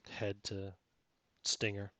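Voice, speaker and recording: Low voiced gm guy, rambly, lots of ums, dry close mic. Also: completely flat delivery, slow, pushed and bright, no room sound. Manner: rambling, many fillers. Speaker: game master. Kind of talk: casual narration of a tabletop game.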